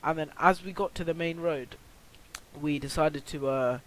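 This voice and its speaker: A teenage boy recounts a story for his vlog, slightly high in pitch. He rambles, restarts often, packs in fillers and swears freely. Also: normal speed, fairly bright tone, poor audio. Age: teens. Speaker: vlogger.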